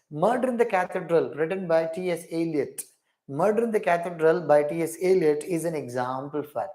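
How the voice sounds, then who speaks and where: A man's voice: a little high, darkish tone. A man teaching English literature in a live online class, repeating each question and praising every student's answer.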